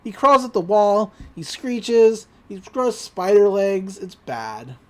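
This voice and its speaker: Animated young woman recapping a cartoon. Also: medium pitch. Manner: animated, does quick voices for characters while retelling. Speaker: podcast host recapping a cartoon episode. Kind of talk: casual recap with acted quotes.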